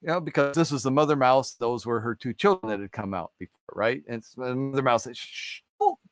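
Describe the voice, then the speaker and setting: A man's voice: medium pitch, fast talker, no echo, studio quality. A man casually retelling a folktale on a live stream, rambling with lots of fillers and checking in with listeners. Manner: rambling, filler-heavy, keeps asking "right?".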